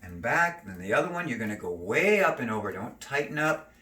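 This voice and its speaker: A man teaching neck and shoulder stretches, giving calm step-by-step cues and slow breathing counts. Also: mid-range voice, far from the mic. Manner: calm, cueing slow breathing and gentle moves. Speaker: stretching instructor. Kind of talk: exercise demonstration. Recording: roomy, from off mic.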